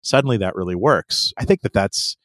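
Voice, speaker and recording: A man's voice: lowish voice, animated, a little fast, a bit bright, no echo, clean studio sound. A man in casual conversation about a book, asking questions and analyzing how the story is told. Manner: asks probing questions, analytical.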